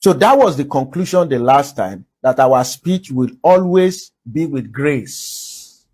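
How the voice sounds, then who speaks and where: A Nigerian man preaching a sermon, with an emphatic delivery that moves between quick runs and slow, deliberate phrases. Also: medium pitch, expressive, darkish tone, breathy edge. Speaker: pastor.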